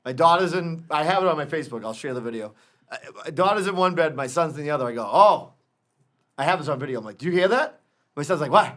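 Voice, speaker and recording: A man's voice: a little high, animated, fast, fairly bright tone. A man in his thirties, a podcast co-host telling stories in casual, profane chat. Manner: swearing, storytelling, "you know what I mean".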